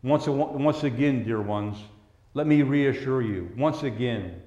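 A man preaching a sermon in a gentle, pastoral way, dropping to hushed tones and then rising to emphatic lines. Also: mid-range voice, slow pace, roomy sound, lo-fi sound. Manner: gentle, pastoral, swinging between soft hushed passages and raised emphatic ones.

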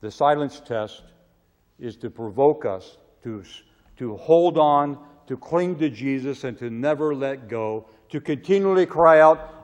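A man preaching a sermon with emphatic delivery, his voice swelling loud and falling low. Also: animated, unhurried. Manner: emphatic, rising to loud cries on quoted prayers, then dropping low. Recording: long reverb of a large hall.

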